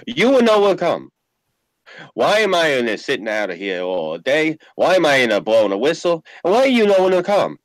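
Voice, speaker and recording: A man's voice: a little high, sing-song, normal speed, no room sound, voice pushed up, poor audio. Man doing a ranting old immigrant father. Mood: indignant. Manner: broken English, ranting, shouting.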